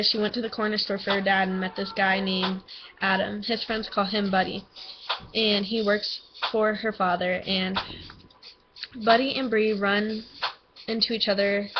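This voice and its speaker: Teen girl, flat, halting school book report, muffled with music underneath. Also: mid-range voice. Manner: hesitant, filler-heavy, with many ums and likes. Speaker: student. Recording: dull lo-fi recording with music behind.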